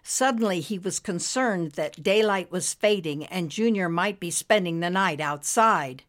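Woman, low voice, audiobook narration, steady reading. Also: measured pace, hardly any pauses. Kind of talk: storybook narration.

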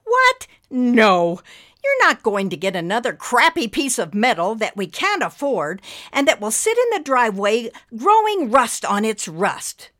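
A woman's voice: fairly high pitch, big pitch swings, measured pace, voice pushed up. A woman voicing an exasperated wife who scolds and snaps at her husband. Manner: sharp, snapping.

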